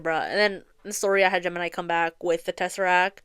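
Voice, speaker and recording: A woman's voice: on the low side, steady tone, quick pace, fairly bright tone, clear, resonant tone, no room sound, clean studio sound. A young woman hosting a podcast, retelling a story in a rambling, casual way, full of filler words and swearing. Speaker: podcast host. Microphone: close studio mic, audio only.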